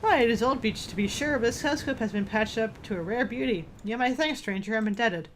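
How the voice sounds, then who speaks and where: A woman's voice: on the high side, fast, slight background noise, close to an everyday voice. A woman voicing a grim, vengeful old male fisherman in a game, reading the dialogue aloud with a few stumbles.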